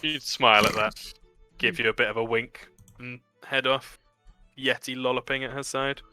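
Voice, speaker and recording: A man narrating a tabletop game as game master, in a relaxed, chatty way with many fillers. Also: mid-range voice, moderate pace, smooth, no echo, soft background music.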